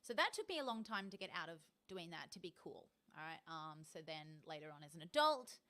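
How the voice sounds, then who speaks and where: A woman's voice: low voice, sing-song, a little fast, a bit bright. An Australian woman in her thirties chatting in a rambling, casual way on a live stream, with many ums and frequent laughs.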